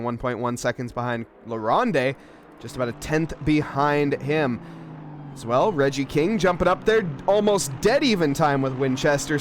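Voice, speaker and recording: A man's voice: mid-range voice, slight background noise. A man giving live play-by-play for a sim racing stream, joking and bantering with chat between race updates.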